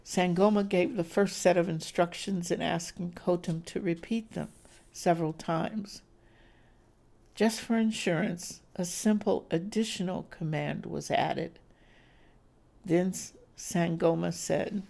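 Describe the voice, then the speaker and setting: A woman who hosts a podcast, reading a suspense story in a deliberate, suspenseful way. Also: on the low side, steady tone, creaky, dark tone. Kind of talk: scripted story narration.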